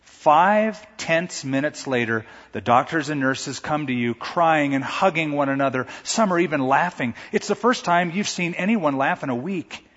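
A man's voice: fairly high pitch, lively intonation, normal speed, hardly any pauses, a bit bright. A male pastor preaching a sermon, telling a story in a vivid, dramatic way. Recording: echoey hall, dull lo-fi sound.

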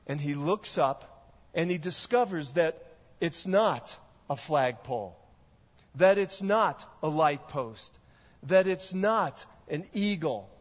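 A male pastor preaching a sermon, telling a story in a measured way. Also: a little high. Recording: echoey hall, dull lo-fi sound.

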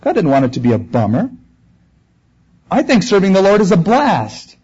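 A man's voice: high-pitched, wildly swooping pitch, normal speed, darkish tone, husky, muffled recording. A man preaching a sermon to his congregation in a conversational, earnest and plain-spoken way. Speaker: pastor. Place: church room before a congregation.

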